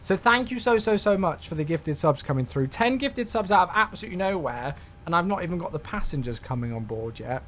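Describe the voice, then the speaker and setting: A British man in his thirties chatting casually on a live stream, excitable and effusive as he thanks his viewers. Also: high voice, fairly quick, hardly any pauses, a little hiss or hum.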